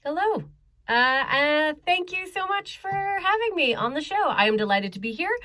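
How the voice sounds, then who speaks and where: A woman's voice: sits high, very animated, moderate pace, sharp tone. Chatty woman doing stand-up. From Canada. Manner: chatty, self-mocking, frequent laughs and ums. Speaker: stand-up comedian. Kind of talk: stand-up comedy set over video. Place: home bedroom.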